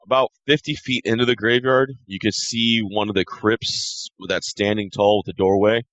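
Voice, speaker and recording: A man runs a tabletop game with a low voice, taking his time over each description and stopping now and then to correct himself. The recording is dry and dull, with muffled highs. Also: fairly even intonation, a bit bright, no room sound. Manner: slow descriptive narration with self-corrections. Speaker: game master.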